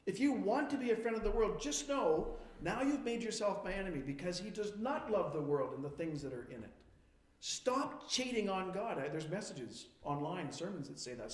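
A man preaching a sermon as a pastor, firing questions at his congregation and moving between quiet reflection and emphatic points. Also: sits high, sing-song, brisk, reverberant.

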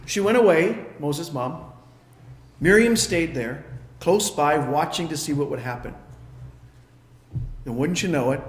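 A man with a high voice delivers a sermon, telling the story in a lively way and slipping into the characters' voices. The sound is roomy, with a clear echo around him. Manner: storytelling, acting out the characters' lines. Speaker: preacher.

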